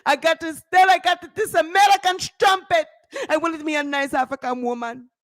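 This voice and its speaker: A woman putting on the voice of an adult husband, frantic and shouting, repeating his scolding lines. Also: extremely high pitch, fairly even intonation, brisk, no echo, pitched above the performer's own voice. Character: panicking, furious scolding husband, adult man.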